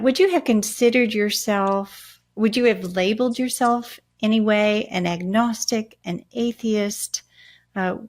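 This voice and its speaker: A woman hosts a podcast interview with a mid-pitched voice. She asks her questions in a measured, probing way. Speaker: podcast host.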